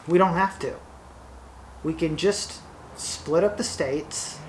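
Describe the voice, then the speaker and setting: A man from Oregon hosting his own channel, giving a political opinion monologue in a slow, deliberate way with frequent fillers and restarts. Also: on the high side, slight background noise. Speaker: workshop channel host.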